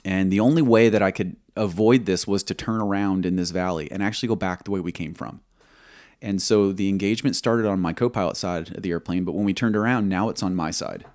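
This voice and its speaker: Low-pitched and somewhat dark in tone, this man, once a military pilot, tells an interviewer about combat, pausing haltingly and voicing quoted exchanges. The sound is clean studio quality without echo.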